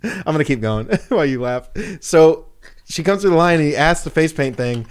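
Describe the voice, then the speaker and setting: A young man with a slightly high, very lively voice tells a story to his co-host. He is animated, laughs often, and acts out the people in it. It is casual podcast chat. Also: normal speed, clean tone.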